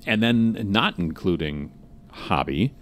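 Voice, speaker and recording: Low-voiced man chatting on a podcast. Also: lively intonation, slow pace, a little hiss or hum. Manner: rambling, lots of fillers and restarts. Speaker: podcast co-host. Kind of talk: casual chat. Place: office.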